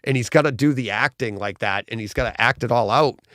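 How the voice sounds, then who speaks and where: A man's voice: medium pitch, a little fast, a bit bright. A man co-hosting a live podcast, in casual chat, retelling things with rambling enthusiasm and many restarts. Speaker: podcast co-host.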